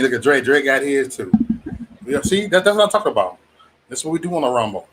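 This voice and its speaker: A man's voice: medium pitch, animated, quick pace, fairly bright tone, breathy edge. Loose, profane man hosting a livestream. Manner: loose, profane, laughing often, mimics others in raised voice. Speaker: livestream host. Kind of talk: casual livestream chat.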